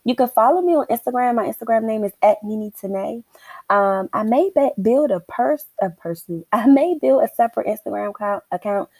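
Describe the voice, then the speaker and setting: Young woman podcaster, solo storytelling, salty and lively, acts out her own thoughts, dry close recording. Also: on the high side, normal speed, no echo, low-quality recording. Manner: animated, profane, acts out her own inner dialogue. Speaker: podcast host. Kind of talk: casual storytelling monologue.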